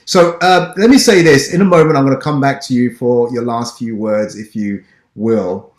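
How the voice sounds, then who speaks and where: A man's voice: mid-range voice, moderate pace. Male interview host with an English accent, upbeat and encouraging, recorded with some room echo. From Ghana. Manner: encouraging, motivational. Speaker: podcast host. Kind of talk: business interview. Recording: roomy echo.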